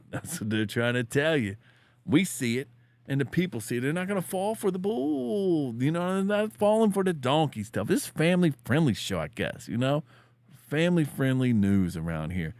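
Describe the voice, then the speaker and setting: A man hosting a casual political commentary show, joking around in loose slang with bursts of shouted catchphrases. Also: fairly high pitch, expressive, normal speed, no room sound.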